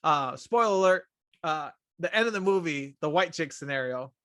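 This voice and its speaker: Animated man with a bright, lively voice. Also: on the high side, moderate pace, dry recording, studio quality. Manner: animated, acts out quotes in raised voices. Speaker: podcast co-host. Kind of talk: casual movie review chat.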